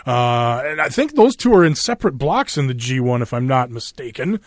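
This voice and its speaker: A man's voice: mid-range voice, sing-song, moderate pace, no echo, studio quality. A man with a Minnesota accent hosting a wrestling podcast, talking in a loose, rambling way full of fillers and swearing. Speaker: podcast host. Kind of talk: casual chat.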